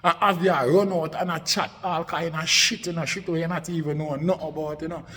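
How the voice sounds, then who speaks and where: A Jamaican man rants angrily at someone online in thick patois, cursing freely and talking down to him. His voice sits a little high for a man. The recording carries a long, hanging reverb. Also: steady tone, fairly quick, bright, forceful tone. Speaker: online commentator. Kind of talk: angry rant aimed at a rival.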